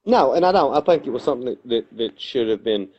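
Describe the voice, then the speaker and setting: A man's voice: mid-range voice, quick pace, slightly rough, highs cut off. A man co-hosting a casual podcast, chatting and retelling stories eagerly with lots of fillers and restarts. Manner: animated storyteller, retells debate moments with many fillers and restarts. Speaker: podcast co-host. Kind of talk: casual chat.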